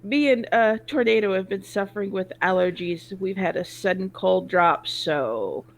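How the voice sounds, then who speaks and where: A woman's voice: medium pitch, lively intonation, normal speed. A woman with a scratchy, stuffy throat from allergies, chatting in a motherly, easygoing way in a group video chat.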